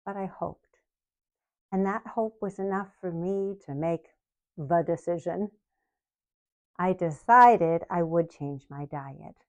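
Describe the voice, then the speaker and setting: A woman in her sixties, the channel host, telling her personal story to camera in a slow, earnest way with soft laughs. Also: on the low side. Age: 60s.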